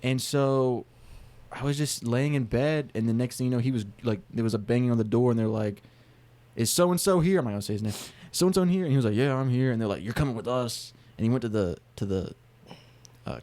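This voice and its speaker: Brief: young male co-host, casual rambling storyteller, deadpan delivery, mid-pitched. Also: fast talker. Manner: rambling, filler-heavy, deadpan. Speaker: podcast co-host, church deacon.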